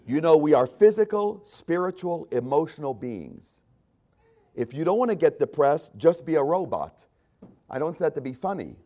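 Preaching from scripture, this elderly pastor lets his voice surge and fall, with big swings in both volume and pitch for dramatic emphasis.

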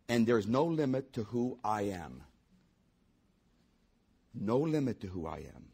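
A man's voice: mid-range voice, lively intonation, a little slow, gravelly, long pauses, a little mellow, slightly rough. A man preaching a sermon, emphatic and building to a raised voice. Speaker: pastor.

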